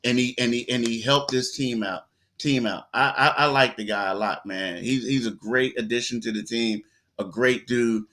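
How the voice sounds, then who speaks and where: A man co-hosting a sports talk show, telling stories in a loose, animated way with lots of quoted asides. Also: mid-range voice, normal speed.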